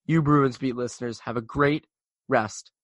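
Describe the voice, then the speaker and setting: A man's voice: mid-range voice, steady tone, a little slow. A man hosting a sports podcast, joking with his guest in casual chat. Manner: joking, playful. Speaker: podcast host.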